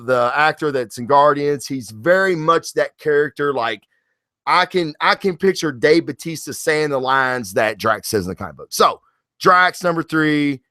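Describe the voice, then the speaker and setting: A married man reviewing comic books in a casual, profane monologue, acting out characters in quick asides. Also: fairly high pitch, no room sound, clean studio sound. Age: adult, married. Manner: animated, swears freely, acts out characters in quick asides.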